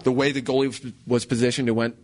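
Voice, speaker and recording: A male talk show co-host telling a story in a loose, rambling way, full of restarts. His voice sits at a middle pitch, and his manner is animated and chatty. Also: fast. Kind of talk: casual chat.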